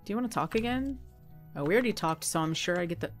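A woman talks through a video game in a casual, chatty way, giggling and chatting back to the characters on screen. Her pitch jumps around in a lively way, and she sounds a little sniffly. Faint game music plays behind her. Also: brisk. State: slightly sniffly from a runny nose. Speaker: let's play gamer. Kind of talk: casual gameplay commentary.

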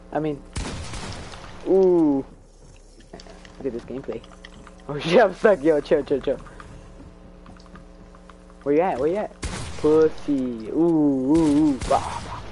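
A man's voice: on the high side, dark tone, poor audio. A young man giving casual gameplay commentary while he streams, laughing often and trash-talking playfully. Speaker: gamer streaming his play.

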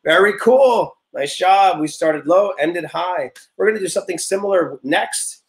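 A young man teaching a music class, leading vocal warm-ups in an upbeat, encouraging way and explaining step by step. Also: high voice, unhurried. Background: guitar notes played under the talk.

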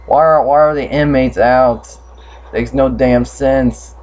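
A man's voice: mid-range voice, fairly even intonation, slow, darkish tone, slight background noise. A young man commenting on a horror game playthrough, swearing often and yelping when startled. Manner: swears a lot, jumpy and startled. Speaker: gamer.

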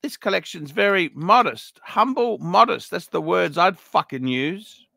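A man's voice: high-pitched, animated, unhurried, gravelly, bright, forceful tone, no echo, studio quality. A middle-aged man giving a blunt, profane, ranting review of a viewer's watch collection. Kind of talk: unscripted paid review monologue.

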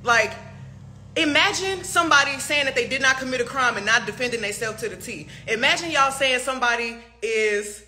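A woman's voice: high voice, a little fast, pushed and bright, slight background noise. A young woman in a heated, profane livestream rant, firing off rhetorical questions. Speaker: artist speaking to fans.

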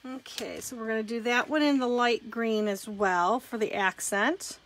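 Bright-voiced woman demoing a craft. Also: on the high side, steady tone, moderate pace. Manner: chatty, talks through each step as she works. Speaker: craft demonstrator hosting a live stream. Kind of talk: casual step-by-step craft demonstration.

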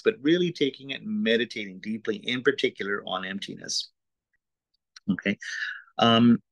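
A man's voice: on the low side, dry recording, low-quality recording. A man teaching an introductory course in a casual, explanatory lecture style, talking informally with frequent "uh"s and "right?"s.

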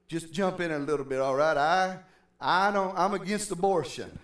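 High-voiced preaching pastor, roomy church. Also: male voice, normal speed, fairly bright tone, recorded from a distance. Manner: preacherly, conversational, calls out to the congregation. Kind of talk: sermon. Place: church sanctuary.

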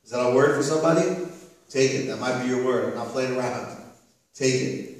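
A man's voice: medium pitch, fairly quick. A man preaching a sermon as pastor, earnest and repetitive, often checking in with "right?". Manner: earnest, repeats phrases, asks "right?". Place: church sanctuary. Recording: echoey church hall from far off.

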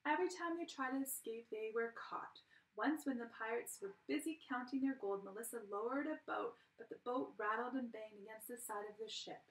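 Woman teacher reading a kids story, lively, echoey room. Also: fairly high pitch, normal speed. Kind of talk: children's story read-aloud. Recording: roomy, from a distance.

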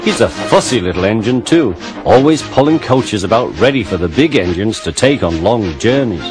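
A man with a low voice tells a children's story in a gentle, expressive way. His pitch rises and falls a great deal. Loud music plays underneath throughout. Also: moderate pace. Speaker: narrator. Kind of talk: storybook narration.

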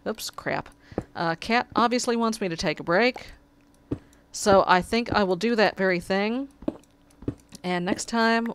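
A woman's voice: mid-range voice, smooth. A woman hosting a casual gameplay video, chatting as she plays and talking to her cat in between. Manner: chatty, talks to her cat while playing. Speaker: let's play host.

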